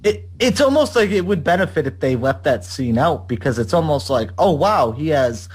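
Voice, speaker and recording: A man's voice: a little high, animated, normal speed, breathy edge. A man co-hosting a horror podcast in casual chat, blunt and profane in his opinions. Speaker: podcast co-host.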